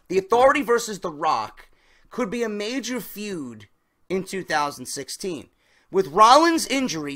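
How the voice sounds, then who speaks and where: Higher-voiced male vlogger, casual wrestling news host who hammers key words. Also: sharp tone. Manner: emphatic, stresses key words, talks straight to viewers.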